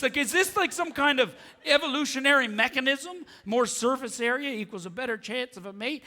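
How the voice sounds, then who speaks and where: A Canadian-born man doing a stand-up comedy set on a theatre stage, with an animated, mocking delivery. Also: very high-pitched. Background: audience laughter.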